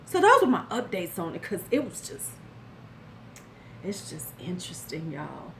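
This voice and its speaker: A woman's voice: lowish voice, wildly swooping pitch, normal speed, vocal fry, a little hiss or hum. Blunt older woman giving sassy advice. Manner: blunt, sassy advice, talking straight to the viewer. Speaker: beauty vlogger. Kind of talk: casual commentary vlog.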